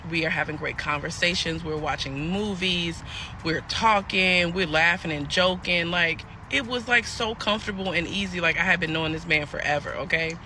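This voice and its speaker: A woman's voice: on the low side, normal speed, sharp tone, a little hiss or hum. A woman telling a personal story in a chatty storytime style, talking straight to her viewers. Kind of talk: casual storytime.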